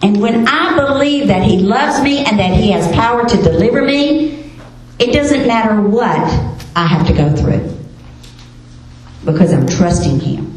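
A woman teaching a women's Bible study, expressive, asking rhetorical questions and reading scripture aloud. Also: fairly high pitch, measured pace. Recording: very echoey room, faint hiss.

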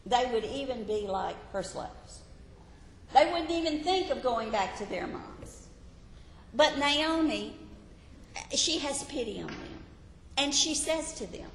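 Slow, emphatic woman teaching in an echoey hall. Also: high-pitched, animated, vocal fry, slight background noise. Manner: emphatic, repeats key phrases, questions the audience. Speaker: Bible teacher. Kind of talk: sermon. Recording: echoey hall with long reverb.

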